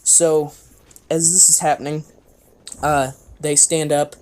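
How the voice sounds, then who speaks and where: A man's voice: on the high side, level tone, slow pace, darkish tone, a little hiss or hum. Man rambling through a game story. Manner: rambling, with frequent fillers and chuckles. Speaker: player recounting a game. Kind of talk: casual storytelling.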